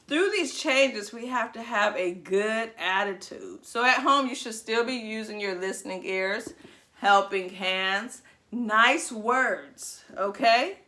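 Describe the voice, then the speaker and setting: Bright-voiced woman teaching little kids. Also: medium pitch. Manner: animated, drawn-out sing-song teacher talk; coaxing, praising, asks children to repeat words. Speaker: preschool teacher. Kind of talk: teaching young children by video.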